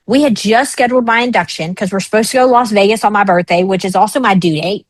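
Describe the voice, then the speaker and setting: A woman in her thirties, appearing as a talk show guest, tells a personal story with lively frankness and acts out the voices of the people in it. Her mid-range voice moves at a quick pace with hardly any pauses. The recording is dry and low in quality.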